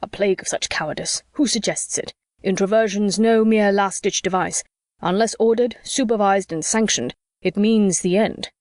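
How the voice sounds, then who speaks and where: A woman's voice: mid-range voice, normal speed, a little mellow, dry recording, studio quality, close to an everyday voice. A woman voicing a stout, blustering male soldier with pompous, archaic speech, in an audiobook.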